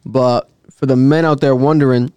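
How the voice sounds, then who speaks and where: A man's voice: mid-range voice, steady tone, normal speed, dark tone, smooth, no room sound. A man hosting a podcast who interviews his guest in a laid-back, easily amused way. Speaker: podcast host.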